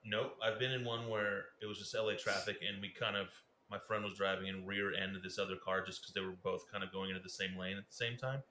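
A man's voice: lowish voice, flat delivery, quick pace, hardly any pauses, sharp tone. A man co-hosting a podcast who makes dry, easygoing remarks in casual chat. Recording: echoey room with faint background noise.

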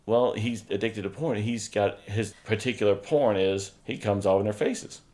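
A man in casual, frank conversation who tells stories bluntly, swears freely and loudly acts out his own remarks. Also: lowish voice, normal speed. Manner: blunt, profane storyteller, quotes himself loudly.

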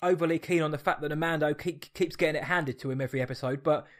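Casting: male co-host, eager casual reviewer, a touch higher pitched. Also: fast talker. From Essex, England. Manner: enthusiastic, reviewing an episode. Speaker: podcast co-host. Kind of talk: casual chat.

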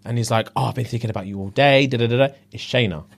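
A man's voice: mid-range voice, racing, creaky. A man, co-hosting a podcast, casually retelling a reality show with lots of slang and acted-out quotes. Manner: animated storyteller, acts out quotes, heavy slang. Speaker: podcast co-host.

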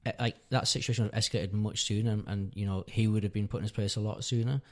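Earnest dad telling a story. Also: male voice, fairly low pitch, steady tone, fast talker. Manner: rambling, self-correcting, earnest. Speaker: podcast guest, father. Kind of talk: casual storytelling chat.

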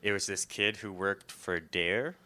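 A man's voice: on the low side, measured pace, pushed and bright. A young man in casual chat, telling a rambling story and laughing often.

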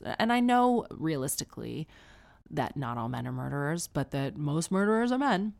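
A woman's voice: low voice, very animated, moderate pace, creaky, darkish tone. A woman hosting an advice podcast, answering a listener with frank, conversational personal stories. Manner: frank, conversational, with frequent restarts and emphatic asides. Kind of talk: casual, candid personal storytelling.

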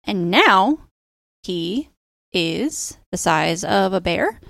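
Woman, 30s, podcast co-host, gravelly fry, dead-dry mic. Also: mid-range voice, big pitch swings, drawn-out words, a bit bright, no room sound. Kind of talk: casual chat.

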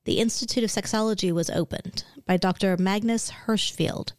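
A woman co-hosts a casual podcast and walks through her history notes in a relaxed, chatty way, full of little fillers. Her voice is dry and close, with no room sound. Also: mid-range voice, moderate pace, no echo. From Australia. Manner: chatty and explanatory, with frequent fillers like "so" and "like". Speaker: podcast co-host.

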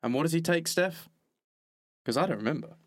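A man's voice: a little high, a little fast. A man chatting casually and jokily about a cartoon episode, acting out the characters' lines. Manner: jokey, animated, repeats himself, acts out characters' lines. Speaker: podcast co-host. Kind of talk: casual chat reviewing cartoons.

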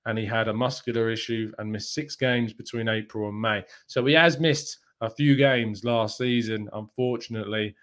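A man's voice: fairly low pitch, fairly even intonation, fairly bright tone. A man hosting a live football fan news show, chatting in an upbeat way and reading out viewer comments. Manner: chatty and upbeat, with frequent fillers and quick laughs.

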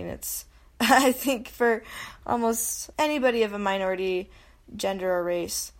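A young woman talks through her solo podcast in a loose, chatty way. She pokes fun at herself, laughs easily and drops into little quoted voices. Her voice sits a touch on the high side. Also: measured pace. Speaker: podcast host. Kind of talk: casual solo podcast monologue.

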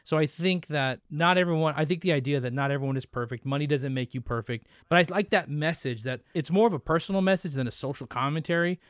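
A man's voice: on the high side, quick pace, hardly any pauses, dry recording, clean studio sound. A man hosting a casual film chat, playful and teasing, given to talking at length.

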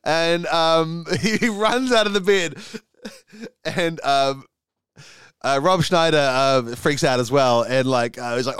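A man's voice: on the high side, slow, fairly bright tone, smooth, no room sound, clean studio sound. A man co-hosting a comedy podcast, improvising a silly story with many ums and laughing at his own jokes.

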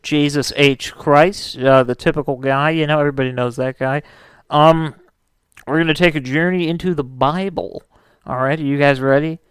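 A man's voice: fairly high pitch, steady tone, moderate pace, clean tone, dry recording. A man hosting a casual podcast, rambling and joking with lots of fillers. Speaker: podcast host.

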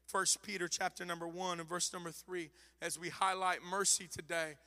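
Male pastor, 30s, sermon, high voice, very bright, long hall reverb, hushed to shouting. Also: level tone, normal speed. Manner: swings from hushed to shouting, acts out quoted voices.

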